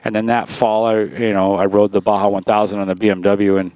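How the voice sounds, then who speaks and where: A man's voice: lowish voice, little pitch movement, fast, darkish tone, clean tone, dry recording. A man in his sixties, a former racer telling stories in a casual interview, rambling with lots of "you know" and restarts.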